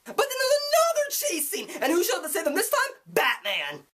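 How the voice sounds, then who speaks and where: A young man reviewing a movie, excitable and gushing, with jokey asides. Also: extremely high pitch, brisk. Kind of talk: enthusiastic online movie review.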